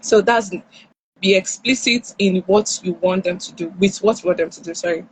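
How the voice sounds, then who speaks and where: In a low-quality live-stream recording made on a phone or headset, a woman with a Nigerian accent shares parenting advice. She speaks at a moderate pace in a breathy, mid-range voice, animatedly acting out both parent and child lines.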